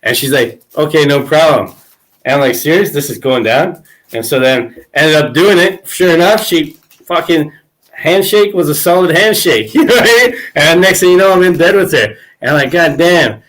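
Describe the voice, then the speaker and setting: A man's voice: on the high side, expressive, normal speed, a bit bright. A man hosting a podcast, telling crude stories in casual chat and laughing often. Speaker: podcast host.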